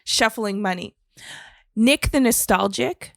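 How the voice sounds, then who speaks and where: A woman's voice: mid-range voice, takes it slowly, gravelly, fairly bright tone, dry recording, studio quality. A woman co-hosting a podcast, chatting casually in an upbeat way and laughing often. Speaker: podcast co-host. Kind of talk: casual chat.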